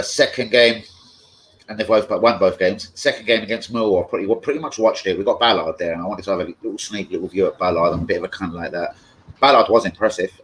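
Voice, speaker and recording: A young man chatting casually and excitably on a live stream, swearing freely as he reads chat. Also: on the low side, slight background noise, low-quality recording. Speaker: fan channel live streamer.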